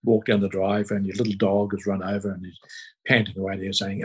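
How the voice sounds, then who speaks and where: An older man speaks as an interview guest. His voice sits low and sounds a little husky. He rambles through his stories and pauses often on fillers. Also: monotone, rough recording. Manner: rambling storytelling with hesitant fillers. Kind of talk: relaxed conversational interview.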